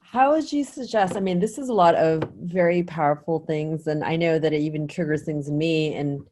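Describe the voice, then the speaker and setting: Low-voiced woman asking questions. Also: moderate pace, dark tone, slight background noise. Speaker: interviewer. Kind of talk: casual interview.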